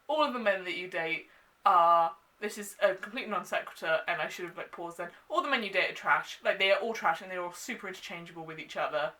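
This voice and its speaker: Bright-voiced young woman ranting. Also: fairly low pitch, quick pace. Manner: animated, exasperated, filler-heavy with frequent "like". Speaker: book vlogger. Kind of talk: casual ranting book review.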